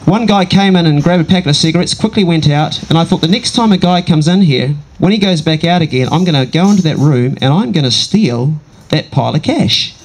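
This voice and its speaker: Animated New man telling a story. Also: on the high side, a little fast, hardly any pauses, poor audio. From New Zealand. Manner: animated, does voices of other people. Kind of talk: comic storytelling.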